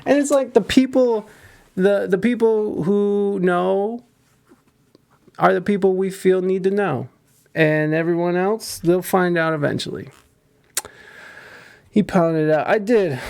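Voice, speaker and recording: A man's voice: a little high, gravelly. A young man hosting a podcast, chatting casually and crudely, joking and rambling with many restarts. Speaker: podcast host.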